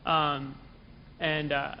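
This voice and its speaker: A male student speaks up in a lecture hall, hesitant and filling gaps with ums, his voice a little high. The recording is dull and lo-fi, with faint room noise behind him. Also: level tone, extremely slow. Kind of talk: answering in class.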